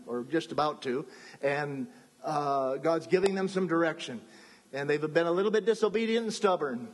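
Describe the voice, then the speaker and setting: Husky-voiced pastor in an echoing church. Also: male voice, on the high side. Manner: conversational, with restarts and asides. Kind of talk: sermon.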